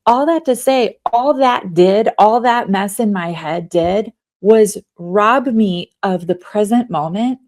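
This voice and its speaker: Woman, forties, podcast guest; chatty and animated, acts out her own thoughts mid-story. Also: mid-range voice, slow pace, hardly any pauses. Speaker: guest, author and leadership coach. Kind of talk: casual podcast interview.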